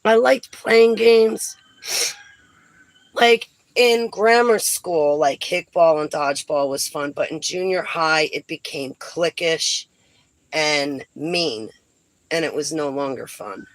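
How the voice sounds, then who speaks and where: Slow-talking middle-aged woman from New Jersey. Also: sits low, dry recording, poor audio. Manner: chatty, lively exclamations, laughs often. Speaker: vlogger. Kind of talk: casual storytelling chat.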